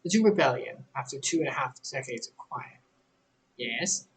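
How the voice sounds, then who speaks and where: A man voicing a calm, measured woman innkeeper in a video game, speaking formally and deliberately. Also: medium pitch, slight background noise, natural voice, rough recording. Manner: formal, deliberate, softly spoken.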